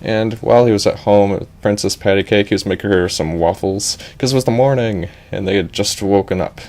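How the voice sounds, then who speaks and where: A man's voice: fairly low pitch, fairly quick, darkish tone. A man improvising a goofy comic story in a rambling, offhand way, breaking off for asides.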